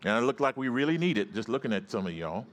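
A male preacher delivering a sermon to his congregation. He repeats key phrases and calls on the listeners to say words back to him. His voice drops low for stories and climbs high for exclamations. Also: sing-song, quick pace. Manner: repetitive, call-and-response preaching; swings from low storytelling to high rising exclamations.

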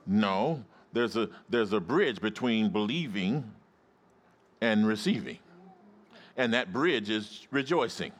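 Emphatic male preacher with a lively voice. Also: lowish voice, slow pace. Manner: emphatic, call-and-response with the congregation. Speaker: pastor. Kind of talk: sermon.

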